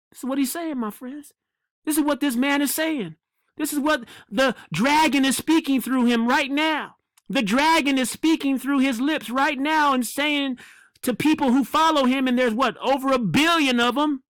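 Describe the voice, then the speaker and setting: A man preaching a fiery sermon, emphatic and repeating phrases for effect, with drawn-out dramatic stresses. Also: very high voice, fairly bright tone, no room sound.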